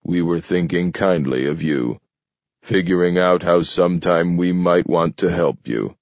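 A man reading an audiobook, voicing a sly, amused male mutant who talks in a mild, easygoing, quietly mocking way. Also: deep voice, unhurried, no echo. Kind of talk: audiobook character voice. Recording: dull, dry studio read.

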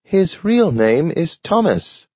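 A man's voice: fairly high pitch, sing-song, a little mellow, dry recording, voice pushed up, heavily acted. A man voicing a cheerful, eager talking dog who pronounces words carefully, in an audiobook reading. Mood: friendly. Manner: careful, halting pronunciation of words. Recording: dull lo-fi recording.

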